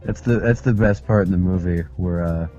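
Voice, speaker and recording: A man's voice: deep voice, moderate pace, warm tone, soft background music. A young man co-hosting a movie review in a casual way, chiming in briefly, agreeing and laughing often. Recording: dull lo-fi recording.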